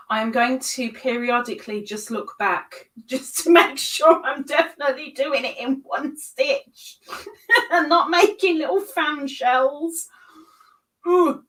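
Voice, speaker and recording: A woman's voice: sits high, expressive, slow pace, a bit bright, distant mic. A woman hosting a crochet livestream, chatting and laughing at herself as she counts stitches. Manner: giggly, self-mocking, chatting to viewers while counting stitches. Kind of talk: casual live-stream chat while crocheting.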